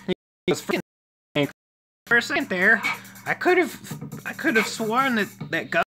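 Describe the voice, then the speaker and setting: A man casually retelling a cartoon story, rambling and halting with lots of fillers. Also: high-pitched, very animated. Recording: music playing under the voice.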